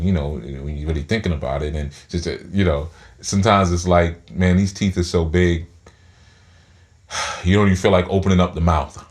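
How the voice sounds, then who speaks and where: A man giving a spiritual teaching talk, speaking through his teeth and often repeating words as he thinks aloud. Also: low voice.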